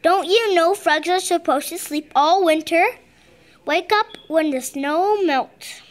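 A woman reading a storybook aloud and voicing a patient mother frog in a gentle, coaxing way. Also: very high-pitched, takes it slowly.

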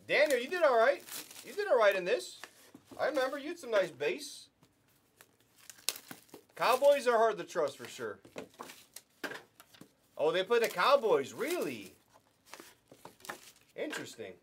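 A young man with an extremely high voice and big pitch swings hosts a live sports card break, speaking a little slowly with long pauses. He chats casually, joking with viewers and talking sports, over a bit of hiss or hum.

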